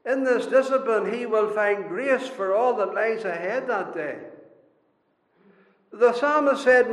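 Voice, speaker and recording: A man preaching a sermon, earnest and repetitive, rising into pleading and dropping low for hymn lines. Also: a little slow. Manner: earnest, repeats phrases, swings from loud pleading to low near-sung hymn lines. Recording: echoey hall reverb.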